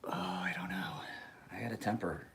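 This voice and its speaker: Man, forties, lowish voice; profane, laughing vlog storyteller. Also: normal speed, vocal fry, fairly bright tone, a little hiss or hum. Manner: profane, chuckling, rambling storyteller. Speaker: knife sharpener vlogger. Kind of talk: casual rambling monologue.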